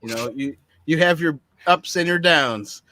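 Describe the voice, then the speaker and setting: A man's voice: a little high, unhurried, sharp tone. A man co-hosting a casual movie review chat, who laughs often and acts out lines from the film. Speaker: co-host of a movie review show.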